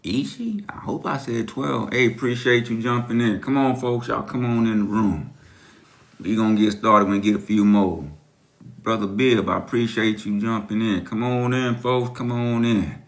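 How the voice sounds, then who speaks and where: A man's voice: lowish voice, steady tone, normal speed. A middle-aged man, hosting a casual livestream as a life coach, welcoming viewers by name and repeating phrases like a preacher.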